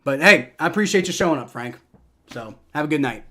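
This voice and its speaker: A man's voice: a little high, lively intonation, fairly quick, sharp tone. A young man streaming live football reactions and play-by-play, heated and profane, ranting with many restarts.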